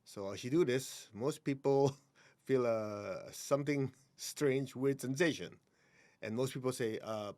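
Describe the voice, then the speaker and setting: Calm man guiding an energy exercise. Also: medium pitch, measured pace. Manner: calm, instructive, laughs often. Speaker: energy healing teacher, guest.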